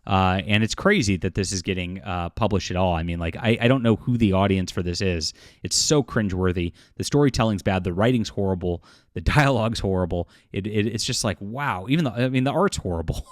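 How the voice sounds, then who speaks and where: A man giving casual opinion commentary, halting and full of fillers and restarts, with derisive chuckles. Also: low voice, no room sound, studio quality.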